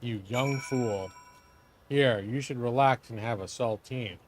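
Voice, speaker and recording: A man voicing a fussy old man who scolds young people, in a slow grumbling way. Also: mid-range voice. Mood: scolding.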